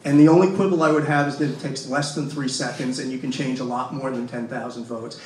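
A man's voice: medium pitch, steady tone, fast talker, few pauses, a little mellow. A man from Massachusetts speaking as a panelist, making his case with rhetorical questions and repeated phrases. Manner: emphatic, rhetorical questions and repetition. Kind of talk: impassioned panel talk. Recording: echoey room, mic from far off.

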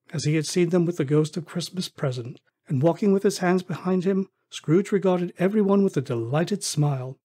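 A man narrating an audiobook with expressive storytelling. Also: a little high.

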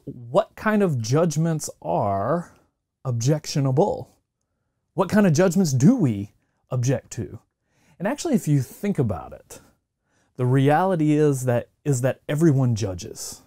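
A man's voice: on the high side, expressive, a little slow, mellow, dry recording, clean studio sound. Man preaching in a conversational sermon. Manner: conversational preaching, acts out quoted voices. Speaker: pastor. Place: church sanctuary.

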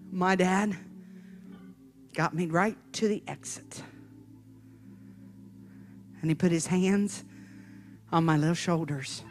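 A woman evangelist preaching a sermon as a dramatic story, swinging from hushed telling to emphatic shouting. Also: lowish voice, unhurried, pauses often, faint music behind.

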